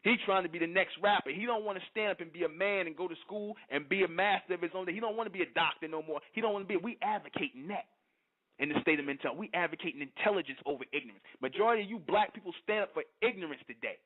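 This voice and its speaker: A man's voice: high-pitched, racing. A middle-aged man, hosting an internet radio show and preaching in a fiery monologue that keeps asking "you understand?". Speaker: radio host. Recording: tinny phone-line audio.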